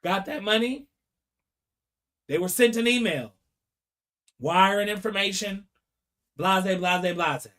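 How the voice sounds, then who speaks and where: A man's voice: sits high, takes it slowly, long pauses. A man giving casual, dramatic commentary, talking straight to his viewers and acting out the people he quotes. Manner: animated and dramatic, acts out quotes, talks to viewers directly. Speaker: commentary vlogger. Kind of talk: casual commentary retelling court testimony.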